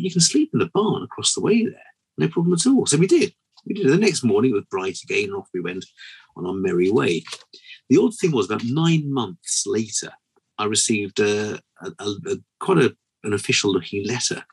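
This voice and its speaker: A man co-hosting a casual podcast with a low, rough, slightly husky voice. He tells stories in a lively, rambling way and restarts his sentences often. His pitch rises and falls widely. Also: poor audio. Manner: lively storytelling with many restarts. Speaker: podcast co-host. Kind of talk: casual chat, telling a joke.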